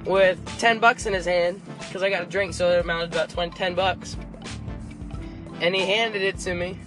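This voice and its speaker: A young man vlogging, telling a story in an animated, laughing way and acting out the people in it. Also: high-pitched, moderate pace, music in the background. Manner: animated, laughing, acts out the people in his stories. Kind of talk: casual storytelling.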